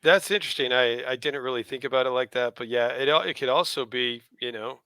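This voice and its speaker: A man's voice: medium pitch, quick pace, pushed and bright, clean tone, dry recording. A man co-hosting a casual podcast, chiming in agreeably and adding his own takes. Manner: agreeable, chiming in with short affirmations. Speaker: podcast co-host. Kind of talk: casual chat.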